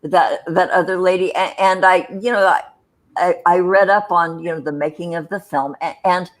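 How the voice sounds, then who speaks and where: Low-voiced chatty woman host. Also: fairly even intonation, normal speed. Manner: chatty, wry, rambling anecdotes. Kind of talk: casual podcast chat.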